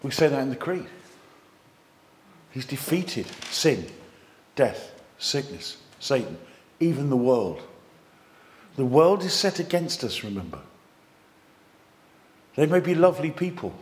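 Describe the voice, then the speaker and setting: A man delivers a sermon in a fairly high voice, reading scripture with strong emphasis. He breaks off into quick, jokey asides and plain talk to the congregation. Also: very animated. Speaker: preacher.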